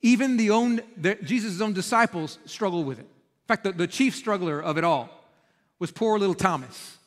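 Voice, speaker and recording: A male pastor preaching a sermon, telling the story in an animated, emphatic way in a church sanctuary. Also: high voice, normal speed, big-room sound.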